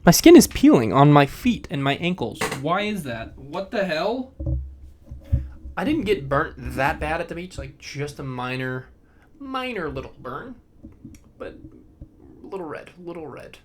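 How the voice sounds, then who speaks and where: A tired young man hosting a casual solo podcast, rambling and self-deprecating, drifting between topics and often trailing off into a low mumble. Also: big pitch swings, a little slow, noisy background. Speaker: podcast host.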